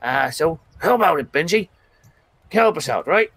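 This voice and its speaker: A loud, boisterous adventurer with a pushy, jovial swagger and brash, slangy banter, put on by a man. The voice sits well above the performer's own and rings bright and forceful. The recording is close and dry. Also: fairly high pitch, expressive, normal speed, breathy edge, no echo, voice pushed up, exaggerated voice. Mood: wheedling.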